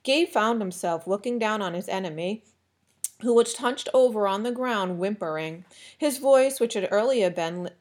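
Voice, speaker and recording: A woman's voice: medium pitch, expressive, normal speed, darkish tone. Woman reading a novel aloud. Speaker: audiobook podcast reader.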